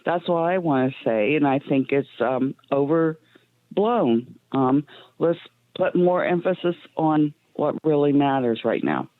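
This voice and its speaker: A woman phones in to a radio talk show and speaks slowly, pausing on ums. Her voice comes through a thin, phone-like line. She is plain-spoken and emotional about what matters to her. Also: low-pitched, lively intonation, no room sound. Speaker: caller. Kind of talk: call-in radio chat.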